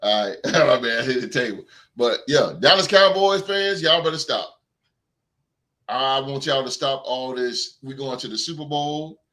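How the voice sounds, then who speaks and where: A man's voice: mid-range voice, measured pace. A young man hosting a sports podcast, ranting with emphatic, repetitive casual talk. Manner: animated, emphatic, repeats himself. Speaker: podcast host.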